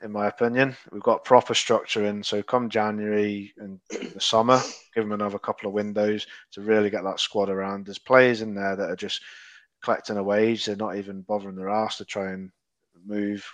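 A Scottish man co-hosts a football podcast, chatting casually and animatedly telling stories in which he acts out quoted dialogue. His voice is on the low side and fairly quick, with no room sound.

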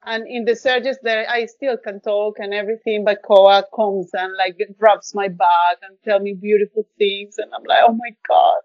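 A woman's voice: mid-range voice, flat delivery, normal speed, few pauses, dry recording, highs cut off. A woman guest on a podcast, telling a personal story in an effusive, heartfelt way with plenty of fillers. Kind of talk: casual storytelling interview.

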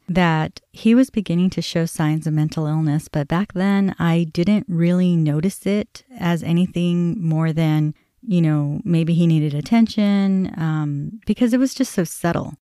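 A woman's voice: fairly low pitch, mellow, no echo, studio quality. A middle-aged woman hosting a podcast, candidly telling a family story in a conversational way and acting out remembered exchanges. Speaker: podcast host.

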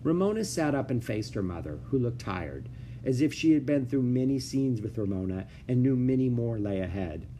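A man reading a children's book aloud with expressive storytelling. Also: mid-range voice, moderate pace, a little hiss or hum. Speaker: narrator.

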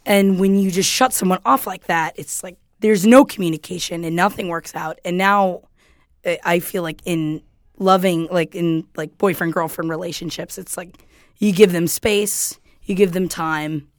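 A woman co-hosting a podcast in casual chat, blunt and animated, swearing freely as she retells arguments. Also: lowish voice, normal speed, dry recording, studio quality. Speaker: podcast co-host.

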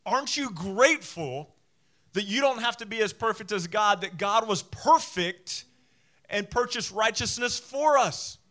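A man's voice: high voice, lively intonation, a little slow, pushed and bright. A male pastor preaching a sermon, emphatic, repeating phrases and acting out the voices he quotes.

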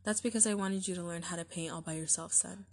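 An exasperated middle-aged father, read by a woman, his voice pushed up and louder in agitated bursts. Low-set, dry and close to the mic, it sounds like a storybook read aloud. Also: steady tone, fast, no room sound. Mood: stern. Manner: raised, agitated outbursts.

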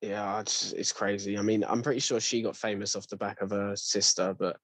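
A young man complains in a loose, slangy chat, stumbling and restarting as he gets worked up. His voice sits low and sounds dry and close to the mic. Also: little pitch movement, a little fast, a bit bright, breathy edge, dry recording. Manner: ranting, frequent restarts and slang. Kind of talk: casual chat.

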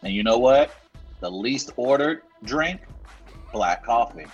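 A man co-hosting a talk show who tells absurd comic stories in a deadpan way. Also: mid-range voice, takes it slowly, highs cut off, soft background music. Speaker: co-host. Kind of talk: comedic talk-show bits.

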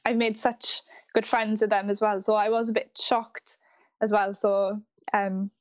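A woman's voice: medium pitch, little pitch movement, measured pace. A woman in her twenties with a strong Welsh accent, chatting as an interview guest and laughing often between sentences. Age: 20s. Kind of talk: casual interview. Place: live online video call.

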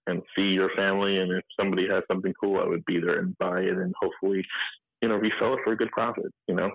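Man, 30s, low voice, gravelly, husky, halting with lots of fillers, tinny phone-line sound. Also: no echo. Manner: halting, filler-heavy storytelling, acting out quotes. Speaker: guest. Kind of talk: candid interview over a phone line.

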